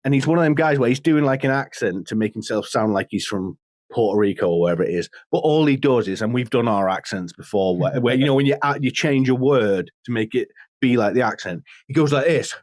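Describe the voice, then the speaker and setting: A man co-hosting a casual podcast, an animated storyteller who laughs often and slips into impressions. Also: mid-range voice, fairly quick, dry recording. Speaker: podcast co-host. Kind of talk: casual chat.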